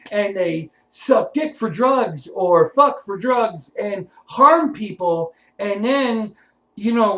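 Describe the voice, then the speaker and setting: A man's voice: sits high, low-quality recording. A man giving a blunt, profane motivational rant to his viewers, confrontational and preachy. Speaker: vlogger.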